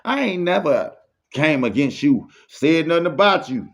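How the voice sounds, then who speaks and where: Here a motivational speaker's fairly high voice comes through sing-song and gravelly at a normal speed, in muffled lo-fi audio with music underneath. His faith-based talk is preachy and repetitive, laced with street slang.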